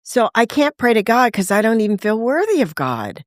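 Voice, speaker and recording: A woman's voice: fairly high pitch, big pitch swings, normal speed, no echo, studio quality. A woman, a podcast guest, telling her recovery story in candid conversation, acting out quoted voices and laughing often.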